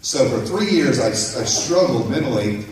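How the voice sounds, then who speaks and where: A man's voice: mid-range voice, expressive, moderate pace, a little mellow. A middle-aged man, a motivational speaker, telling a personal story to a group in a chatty way, often checking in with "right?". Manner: personal, anecdotal, frequent "right?" check-ins. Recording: echoey room, distant mic, faint noise.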